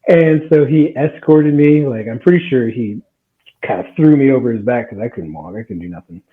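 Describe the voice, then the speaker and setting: A man in his twenties, a guest storyteller on a podcast, casually tells a story, laughing as he animatedly acts out what people said. His voice is medium-pitched at a moderate pace, and the sound is tinny and phone-like.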